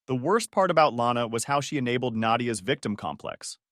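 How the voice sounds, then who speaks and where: A man's voice: medium pitch, animated, fairly quick, a bit bright, no room sound. A young man narrating his own story in a dry, sardonic tone. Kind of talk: scripted first-person story narration.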